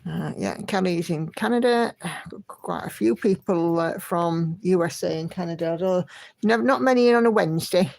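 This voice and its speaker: A woman's voice: lowish voice, normal speed, vocal fry, darkish tone, no echo. A woman hosting a casual livestream, chatting in a friendly way and greeting viewers by name as she reads their comments. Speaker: livestream host.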